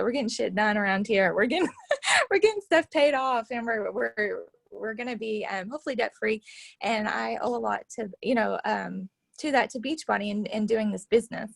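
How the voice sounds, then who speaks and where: Gravelly woman, rambling coach. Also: mid-range voice, no room sound, studio quality. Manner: rambling, many fillers and restarts. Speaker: team coach. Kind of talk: casual motivational chat.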